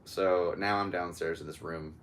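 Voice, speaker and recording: A man's voice: deep voice, fairly even intonation, moderate pace, fairly bright tone. A man hosting a podcast, telling a story in casual chat, laughing often and acting out other people's lines. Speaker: podcast host.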